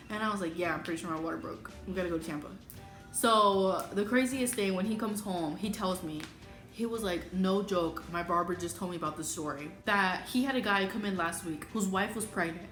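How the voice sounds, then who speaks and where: A young adult woman telling a story casually and animatedly, acting out what people said in a higher voice. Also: brisk. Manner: animated, acts out quoted speech in a higher voice. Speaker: vlogger telling her birth story. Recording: echoey room with clear background music.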